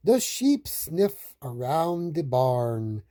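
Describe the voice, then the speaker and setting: Slow, expressive storytime woman. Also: low-pitched. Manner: slow, expressive sing-song reading. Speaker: storytime reader. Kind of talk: reading children's picture books aloud.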